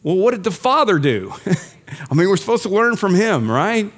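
A man's voice: high voice, very animated, moderate pace. A man preaching a conversational, humorous sermon as pastor, asking the congregation questions and driving home points with emphatic rising peaks.

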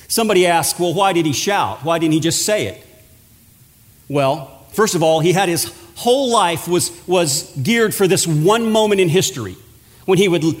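A man preaching a sermon as pastor, slowing down and pausing for dramatic emphasis. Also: high-pitched. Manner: preaching with dramatic pauses and drawn-out words. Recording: long hall reverb.

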